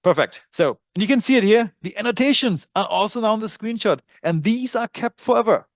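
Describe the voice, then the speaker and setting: A man's voice: sits high, animated, a little fast, dry recording, clean studio sound. A man with a German accent hosting a live trading webinar, talking casually and thinking aloud with frequent fillers. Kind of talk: live screen-share webinar.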